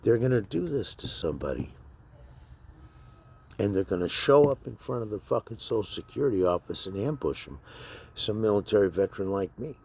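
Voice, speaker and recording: A man's voice: fairly low pitch, animated, brisk, creaky, a little mellow, breathy edge. A man and military veteran talking bluntly to camera in a rambling, profane monologue full of fillers.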